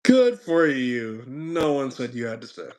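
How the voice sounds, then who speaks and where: A man's voice: mid-range voice, sing-song, unhurried. A man hosting a stream in casual chat, rambling and hedging as he thinks aloud. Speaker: streamer host.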